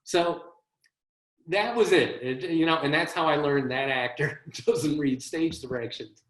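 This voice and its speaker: Guy with kinda high voice doing a dry self-mocking comedy monologue, echoey room. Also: a little slow. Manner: wry, self-deprecating. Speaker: comedy writer giving a one-man show. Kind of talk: comic storytelling monologue. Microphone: video call. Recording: roomy echo.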